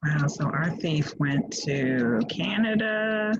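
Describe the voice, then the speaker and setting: A woman's voice: lowish voice, animated, unhurried, husky. A woman teaching a class over a video call, playful and encouraging, reading out clues. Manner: playful, encouraging, laughs often. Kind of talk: online class lesson. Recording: dull lo-fi video call audio.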